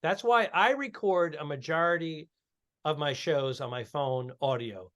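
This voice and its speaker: A man's voice: on the high side, unhurried, a bit bright. A man co-hosting a comedy podcast, joking and chatting casually, often speaking straight to the listeners. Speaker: podcast co-host and comic.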